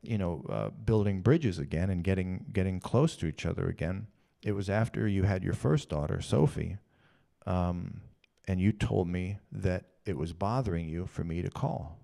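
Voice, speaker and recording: A man's voice: low-pitched, moderate pace, creaky, dark tone. A man in his thirties telling a personal story in a rambling, emotional way, often repeating himself.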